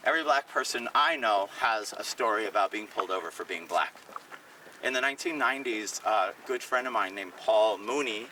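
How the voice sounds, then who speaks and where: Bright-voiced man telling stories outdoors. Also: mid-range voice, recorded from a distance, slight background noise, poor audio. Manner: animated, acts out quoted voices. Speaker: comedian and podcast co-host. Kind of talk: casual storytelling on a walk. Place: outdoors on city streets.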